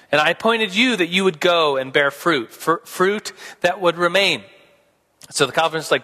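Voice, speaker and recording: A man's voice: on the high side, animated, moderate pace, bright, forceful tone, long reverb tail. A man teaching a Sunday school class in a casual, playful way, acting out both sides of a debate.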